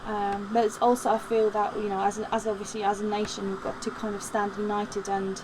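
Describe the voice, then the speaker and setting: Brisk and monotone, this medium-pitched woman's voice comes with background noise. During a live craft demo she chats loosely, stumbling over ums and restarts, and reads viewers' comments aloud while working.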